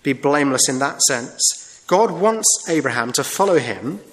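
A man preaching a sermon in a church, earnest and emphatic, slowing down to stress key phrases. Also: mid-range voice, animated, a little hiss or hum. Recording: reverberant hall.

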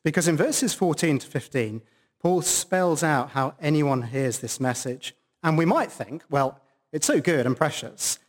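A man's voice: a little high, unhurried. A man preaching a sermon at a church service, stressing key words for emphasis.

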